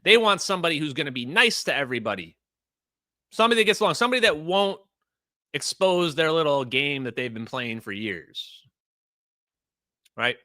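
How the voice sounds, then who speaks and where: Animated man ranting on a livestream. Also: fairly high pitch, normal speed, long pauses, dry recording. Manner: heated, emphatic ranting with rhetorical questions. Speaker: livestream host. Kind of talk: livestream commentary.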